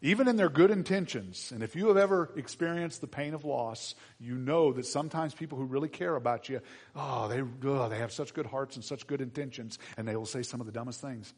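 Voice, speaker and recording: A man preaching a conversational sermon and reading scripture aloud, dropping to quiet asides and then rising to loud, emphatic bursts. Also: medium pitch, brisk, husky. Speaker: pastor.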